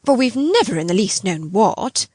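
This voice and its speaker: A woman's voice: medium pitch, big pitch swings, moderate pace, a little mellow, slightly rough, no room sound, studio quality. A woman voicing an anxious, devoted older housekeeper who speaks with pleading emotion in an audiobook reading. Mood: earnest.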